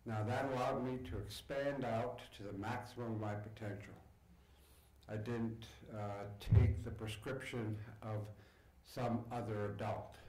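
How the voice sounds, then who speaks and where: An older man giving an acceptance speech to an audience, telling stories from his upbringing in an unhurried, reflective way with pauses. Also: lowish voice, a little mellow, poor audio. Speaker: award recipient giving a speech. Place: event hall before an audience.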